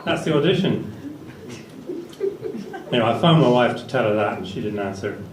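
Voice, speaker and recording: A man's voice: on the low side, very fast. A man doing a stand-up set in a small comedy venue, rambling in a dry tone with fillers. His voice rings through an echoey room and is picked up from a distance. Faint ambient noise sits underneath.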